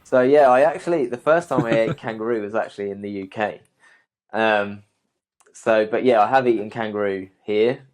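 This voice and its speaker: Young guy, kinda low voice, lots of ums, easygoing guest chat. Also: a little fast. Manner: relaxed, many ums and restarts. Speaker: guest, arborist. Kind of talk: casual interview answers.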